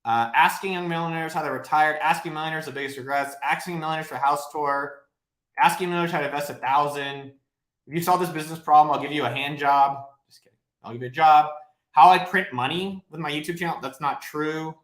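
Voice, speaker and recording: A man's voice: fairly high pitch, fast, a bit bright. A man hosting a casual live Q&A stream, talking in a blunt, profane, rambling way. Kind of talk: casual livestream Q&A. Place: home office, livestreaming. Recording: roomy echo.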